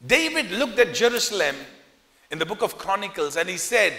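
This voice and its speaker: A male pastor preaching with lively storytelling in a fairly high, bright voice. He throws questions out to the congregation as he goes. His words ring with long reverb in a church hall. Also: normal speed. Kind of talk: sermon.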